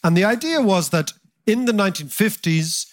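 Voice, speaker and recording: A man hosting a podcast interview, telling stories in an animated, emphatic way. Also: sits high, moderate pace, no echo, clean studio sound. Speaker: podcast host. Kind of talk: conversational interview.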